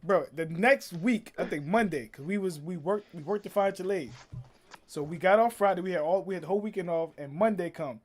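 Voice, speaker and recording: A young man, streaming and telling animated stories in casual chat, acting out quotes and laughing often. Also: high-pitched, a little fast. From Philadelphia.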